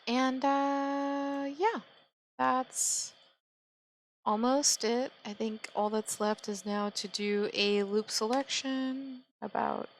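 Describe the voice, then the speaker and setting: A woman calmly talking through a software modeling tutorial step by step, thinking aloud as she works. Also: sits high, slow pace, a little hiss or hum, low-quality recording. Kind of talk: screen-recorded software tutorial narration.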